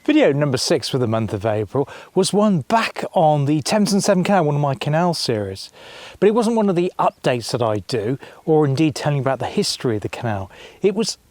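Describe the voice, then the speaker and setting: A man's voice: on the high side, sing-song, a little fast, a little mellow, no room sound. A man narrating a casual travel vlog outdoors by a lake, chatty and rambling, often correcting himself mid-sentence. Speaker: travel vlogger.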